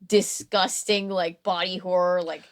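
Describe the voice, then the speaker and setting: A woman's voice: on the low side, little pitch movement, unhurried. A woman co-hosting a podcast in casual chat, talking in a chatty, amused way with plenty of fillers and restarts. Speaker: podcast co-host.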